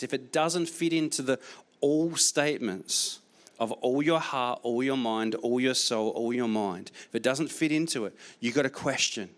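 A man's voice: mid-range voice, fairly bright tone. Man preaching with emphatic repetition. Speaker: pastor. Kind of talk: sermon.

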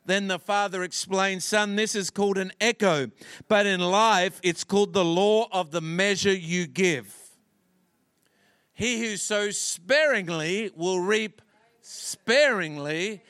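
Male visiting pastor, high voice, slow emphatic sermon delivery. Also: a bit bright, clean tone. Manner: preaching with slow emphatic pauses and acted-out story voices. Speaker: guest pastor.

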